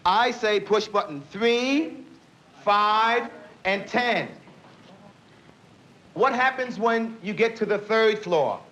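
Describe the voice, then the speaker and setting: A middle-aged male police officer teaching a live self-defense class, energetic and coaxing, quizzing the group as he demonstrates. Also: high voice, slow pace, pauses often. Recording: dull lo-fi 1970s film sound.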